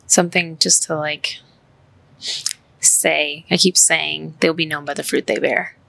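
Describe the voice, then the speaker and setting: A woman in her thirties hosts a heartfelt podcast chat. Her voice is low-pitched, gravelly with vocal fry and rather bright. She talks in an earnest, rambling way, winding through stories. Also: fairly even intonation, a little slow, no room sound. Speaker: podcast host.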